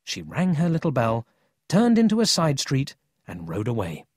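A man narrating a children's audiobook in a scripted, expressive storytelling manner. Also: mid-range voice, moderate pace, breathy edge, no room sound, studio quality.

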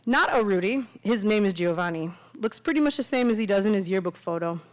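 Miami-raised woman reading her own short fiction aloud, steady and conversational, mid pitch. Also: brisk. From Miami, USA. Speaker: author.

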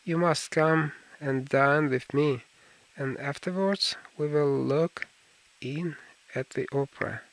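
A man voicing a cool, worldly aristocrat in an audiobook, measured and urbane in manner. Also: a little high, rough recording. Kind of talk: audiobook character reading.

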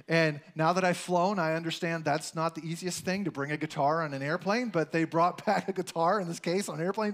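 A man's voice: high voice, a bit bright. A male preacher giving a casual sermon, telling personal stories in a chatty way with lots of "like" and "you know".

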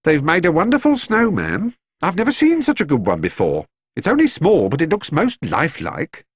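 A man voicing a brisk, matter-of-fact older housekeeper in a storybook reading. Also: fairly high pitch, huge pitch swings, husky, no room sound, studio quality, pitched above the performer's own voice, full character voice. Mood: knowing.

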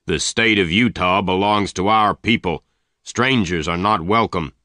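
A man's voice: sits low, measured pace, pushed and bright, no echo, clean studio sound. A man voicing an angry, jealous village leader in a storybook reading. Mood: stern.

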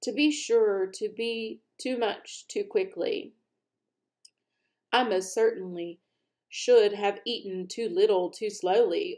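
Storybook bug: pompous, stuffed, wheezy male insect, put on by a woman reader, slow and showy. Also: medium pitch, darkish tone, natural voice. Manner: grandiose, flowery speech.

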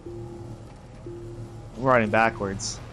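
Excitable young man swearing on voice chat. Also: lowish voice, drawn-out words, soft background music. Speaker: gamer, channel host. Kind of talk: casual co-op gaming chat.

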